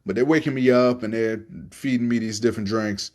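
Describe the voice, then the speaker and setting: A young man from Florida telling a story in a relaxed, casual monologue, cursing freely and often repeating his words. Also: mid-range voice, a little fast. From Tampa, Florida. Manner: laid-back, profane, repeats himself. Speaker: podcast host telling stories.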